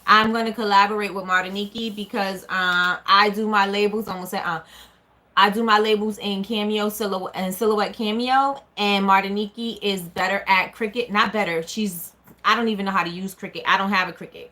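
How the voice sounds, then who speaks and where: With a mid-range voice that is steady yet sharp, this woman talks a little fast. She's a small business owner running a casual live stream, chatting and responding to viewer comments as they arrive.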